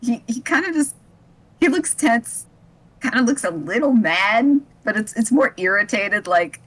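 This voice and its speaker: Lively slow-talking woman role-player. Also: a little high, breathy edge, low-quality recording. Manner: laughs often, halting restarts. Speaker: tabletop role-play player. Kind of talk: casual in-character role-play chat.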